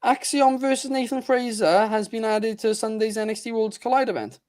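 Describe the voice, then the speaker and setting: A man's voice: high voice, steady tone, normal speed, a crowd in the background. A man co-hosting a wrestling podcast, chatty and fond of ribbing the others. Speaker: podcast co-host. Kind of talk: casual chat.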